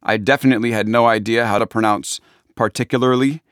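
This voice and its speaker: A man's voice: mid-range voice, fairly even intonation, fast, fairly bright tone, clear, resonant tone, no echo, studio quality. A man with a Long Island accent, an author chatting casually and self-deprecatingly about his book in interview answers.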